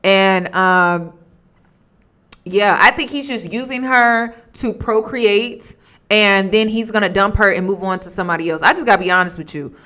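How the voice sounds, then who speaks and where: A woman's voice: mid-range voice, normal speed, sharp tone. A woman vlogger giving casual commentary, candid and emphatic, repeating her points.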